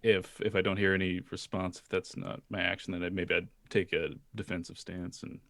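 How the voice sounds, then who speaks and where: A man's voice: deep voice, flat delivery, fairly quick, gravelly, a bit bright, no room sound, clean studio sound. A man playing a tabletop game, speaking hesitantly with many fillers. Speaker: player. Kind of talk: casual tabletop game play.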